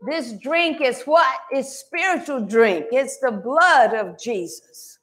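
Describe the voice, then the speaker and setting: A woman pastor preaching a sermon in a church, animated and full of call-and-response. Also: sits high, slow. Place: church sanctuary.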